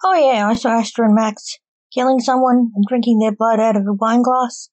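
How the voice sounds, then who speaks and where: A woman's voice: a little high, steady tone, moderate pace, a little mellow, lightly acted. A woman reading as a blunt teenage girl.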